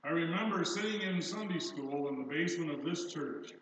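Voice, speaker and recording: A man's voice: on the high side, animated, fairly quick, a bit bright. Older man preaching in an echoey church. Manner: conversational, storytelling, self-deprecating humor. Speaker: pastor. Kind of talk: sermon. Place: church sanctuary. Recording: distant, echoey, dull church recording.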